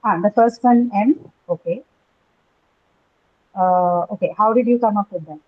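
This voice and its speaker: A woman's voice: medium pitch, a little slow. A woman teaching an English pronunciation class, often checking with "right?" and quizzing her students. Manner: tags statements with "right?", questions students. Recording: dull lo-fi recording.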